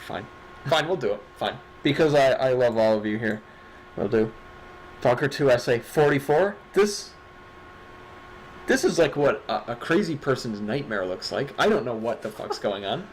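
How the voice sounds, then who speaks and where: A man's voice: medium pitch, expressive, normal speed, slight background noise, low-quality recording. A man co-hosting a livestreamed awards show, chatting casually with sarcastic jokes and casual swearing. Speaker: stream co-host. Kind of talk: casual stream chat.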